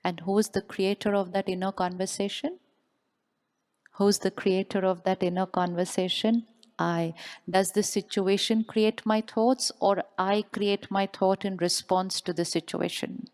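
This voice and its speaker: A woman's voice: mid-range voice, fairly even intonation, unhurried, a little mellow. Woman speaker, motivational stage talk, keeps quizzing the crowd and repeating the line. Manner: asks the audience questions and repeats them. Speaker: spiritual speaker. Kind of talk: motivational talk to a live audience.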